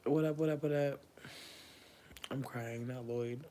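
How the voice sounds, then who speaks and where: A man in his thirties chatting casually on a livestream, slangy and profane, swinging from loud bursts to low murmurs. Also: steady tone, measured pace, slight background noise.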